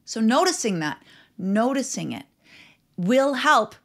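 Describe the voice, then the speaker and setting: A woman's voice: fairly high pitch, big pitch swings, slow. A middle-aged woman hosting a parenting podcast, talking earnestly and acting out her own racing thoughts. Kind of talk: solo podcast talk.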